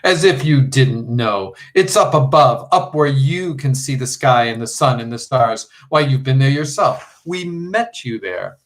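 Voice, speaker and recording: A man's voice: mid-range voice, lively intonation, unhurried, hardly any pauses, natural voice. Cross snappy schoolboy, impatient, man reading. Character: cross schoolboy fighting an enchantment.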